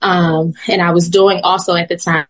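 A woman guest sharing a personal faith testimony in animated storytelling that is often broken by laughter. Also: on the low side, normal speed. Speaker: podcast guest.

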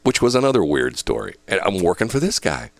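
A man telling stories in a casual, animated way, laughing as he goes and acting out what other people said. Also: lowish voice, fairly quick, gravelly, no room sound. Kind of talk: casual storytelling chat.

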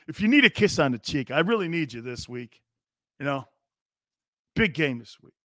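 A man's voice: on the high side, very animated, normal speed, bright, forceful tone, dry recording, studio quality. A man in his fifties hosting a live sports talk show, ranting in a brash, sarcastic and blunt way.

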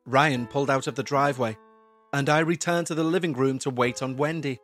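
A man narrating a scripted horror story in a slow, measured, tense way. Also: medium pitch, fairly bright tone. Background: faint background music.

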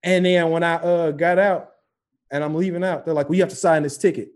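A man recounts a run-in in loose, profane casual chat, jumping into the voices of everyone involved. His voice sits a little high for a man, and he tells it with real animation. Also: steady tone, a little fast, a little mellow.

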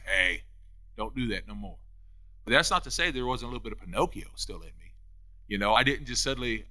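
Man preaching a sermon, very lively pitch, bright edge, emphatic repetitions. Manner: preaching with rising emphatic peaks and quick repetitions.

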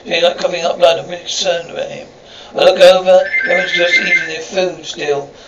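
A man talking as a reality game show contestant, telling the story in an excitable, rambling confessional. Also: high voice, a little fast. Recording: roomy, distant, dull, faint hiss.

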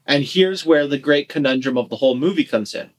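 A man's voice: a little high, brisk. A man hosting a casual movie review chat, joking and quoting lines in mock voices. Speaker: podcast host.

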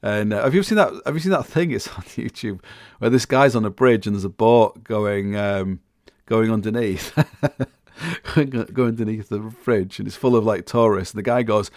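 A man's voice: lowish voice, moderate pace, darkish tone, no echo, clean studio sound. A middle-aged man rambling casually as a podcast host, full of restarts and fillers, chuckling now and then.

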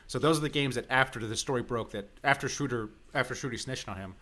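Man, podcast co-host, bright voice, opinionated, casual basketball talk. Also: mid-range voice, fast talker. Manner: opinionated, laughs often.

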